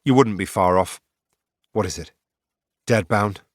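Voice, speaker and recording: A man voicing a stern, weary warrior empress in an audiobook, low and curt. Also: unhurried, no echo, clean studio sound. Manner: curt, commanding.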